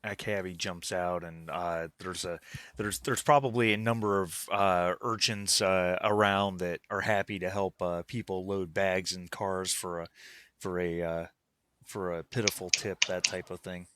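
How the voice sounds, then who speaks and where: A man's voice: low voice, steady tone, measured pace, a bit bright, clean tone, no room sound. A man narrating as game master for a tabletop game, talking casually with many fillers and restarts.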